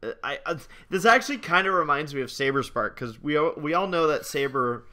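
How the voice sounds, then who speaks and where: A man's voice: on the high side, lively intonation, fairly quick, bright, forceful tone. A young man co-hosting a podcast, telling a school anecdote with many fillers and restarts. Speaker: podcast co-host. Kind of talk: casual chat.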